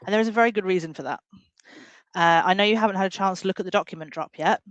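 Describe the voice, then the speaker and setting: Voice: medium pitch, very fast, a bit bright, no echo, muffled recording. A caller on a live stream talking casually, hesitant with many fillers and laughing lightly. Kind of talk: casual call-in conversation.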